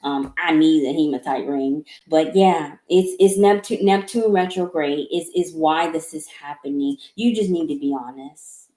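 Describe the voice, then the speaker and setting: A woman's voice: deep voice, a little slow, hardly any pauses, dark tone. A woman giving a live-streamed tarot reading. She stammers and repeats words, and she sounds apologetic and emotional. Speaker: tarot reader. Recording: echoey room.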